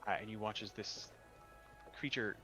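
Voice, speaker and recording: A man's voice: fairly low pitch, steady tone, normal speed, over music. A man narrating a tabletop game as game master, describing scenes with small hesitations.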